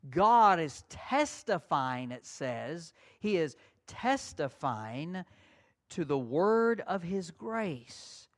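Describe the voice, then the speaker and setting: A man's voice: on the high side, very animated, drawn-out words. A man preaching a sermon as pastor, folksy and conversational.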